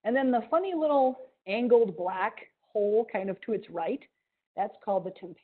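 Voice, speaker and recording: A museum educator with a mild Ohio accent gives an animated, playful science lesson to children over a video call, adding little sound effects. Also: female voice, mid-range voice, fairly quick, breathy edge. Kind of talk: live online science lesson for kids. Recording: tinny video call audio.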